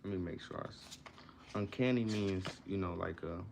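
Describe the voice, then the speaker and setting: A man's voice: sits low, moderate pace, creaky, slight background noise. A man reading passages from a self-help book aloud and explaining them in casual slang, often repeating and restarting himself. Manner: reads passages, then explains them in loose slang asides.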